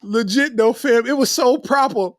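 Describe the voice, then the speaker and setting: A man's voice: very high-pitched, moderate pace, no echo, clean studio sound. A middle-aged man hosting a comedy podcast, telling stories in a loose, slangy way and breaking into laughter between lines.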